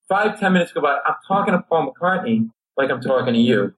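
A middle-aged comedian telling a comic anecdote on a talk show, animated, acting out voices and his own panic. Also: medium pitch, brisk, few pauses, slightly rough, rough recording. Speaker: comedian guest.

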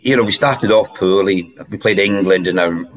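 A former footballer, a man, guest on a podcast, telling anecdotes in a lively way and laughing through his stories. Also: sits low, normal speed. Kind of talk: anecdotal storytelling.

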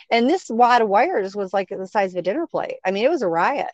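A woman's voice: a little high, quick pace, few pauses, no room sound. A middle-aged woman telling stories in a casual chat, acting out the voices of the people in them. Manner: animated, acts out quoted voices. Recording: dull, dry sound.

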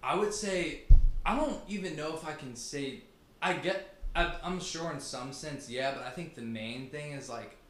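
A young man from Virginia, appearing as a podcast guest, chats in a laid-back, loose way, laughing often and leaning heavily on "like" as a filler. His voice is fairly bright and on the high side, at a moderate pace. The room is echoey, with a faint hum in the background.

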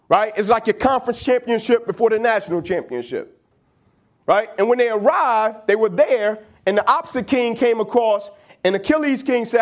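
Man, motivational storyteller, very high voice, animated, slangy, conversational. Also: moderate pace.

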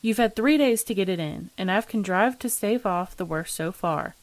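A woman voicing a desperate, gruff older father who talks with barely held-back passion, reading in a storybook manner. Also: mid-range voice, expressive, moderate pace, no room sound, close to an everyday voice. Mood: menacing pleading.

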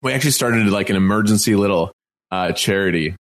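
A man's voice: on the low side, a little fast. A man co-hosting a podcast from home, talking in an earnest, reassuring way and repeating himself for emphasis. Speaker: podcast co-host. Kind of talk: casual podcast chat. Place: at home, self-isolating.

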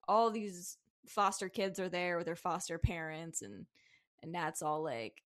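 A woman's voice: fairly low pitch, unhurried. Playful woman recapping a show. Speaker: podcast co-host. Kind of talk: casual chat.

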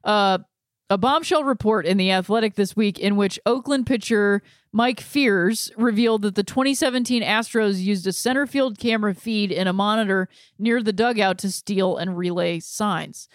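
A woman hosting a talk show, delivering a casual, impassioned rant with frequent fillers and self-interruptions, swinging between heated outbursts and quiet disgust. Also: mid-range voice, normal speed, dry recording, studio quality. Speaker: podcast host. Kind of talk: casual ranting monologue.

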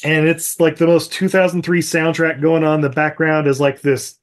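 A podcast co-host recaps a movie in casual chat, his voice on the high side with a flat delivery at a moderate pace. He rambles and swears, filling the talk with fillers and laughter.

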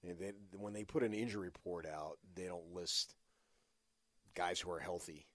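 A man's voice: low-pitched, normal speed, fairly bright tone, dry recording. A man hosting a sports radio show, giving emphatic, opinionated takes in casual talk with frequent "uh" fillers.

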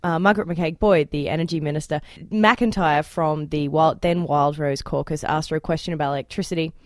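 A woman hosts a panel podcast, briskly recounting events with frequent fillers and moving the talk along. Her voice sits somewhat low. The studio sound is close and dry. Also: steady tone, a little mellow, no echo. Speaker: podcast host. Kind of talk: casual panel chat.

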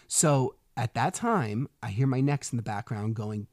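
A father in casual personal storytelling, animated, acting out quoted dialogue and swearing freely. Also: mid-range voice, a little fast, few pauses, dry recording, clean studio sound.

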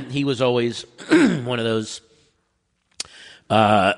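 A man in a casual chat, rambling through stories with quick asides, his throat dry so he keeps clearing it. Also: medium pitch, huge pitch swings, fairly bright tone. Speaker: podcast guest.

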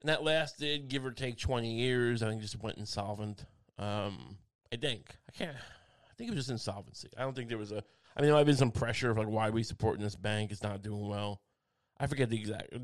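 A man ranting casually in a monologue, rambling and sardonic, with frequent swearing and restarts. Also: medium pitch.

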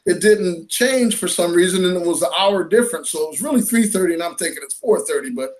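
A man casually telling a fishing tournament story, animated and laughing as he acts out what was said. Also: high voice, quick pace.

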